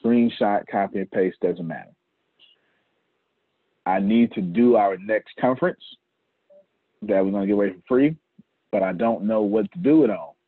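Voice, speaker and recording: A man's voice: fairly low pitch, moderate pace, long pauses, no echo. A man hosting a casual business team meeting, joking and laughing as he gives out tasks. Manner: laughing, joking, repeats himself. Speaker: host leading a team meeting. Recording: tinny phone-like line.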